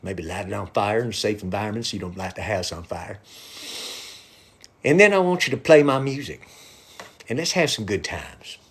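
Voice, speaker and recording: A middle-aged man, a musician and comedian, chatting loosely and irreverently to viewers on a live stream, sometimes dropping to a hushed whisper. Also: on the low side, lively intonation, normal speed, pauses often, husky.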